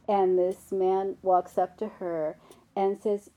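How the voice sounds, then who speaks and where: A woman meditation teacher giving a gentle, unhurried dharma talk, with soft laughs and fillers. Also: mid-range voice, fairly even intonation.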